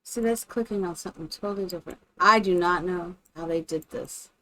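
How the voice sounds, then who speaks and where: A woman's voice: on the low side, a little fast, a bit bright, slight background noise. Chatty woman streaming a building game. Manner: chatty, thinks aloud, greets viewers by name. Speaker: live streamer. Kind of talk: casual live-stream commentary while building in a game.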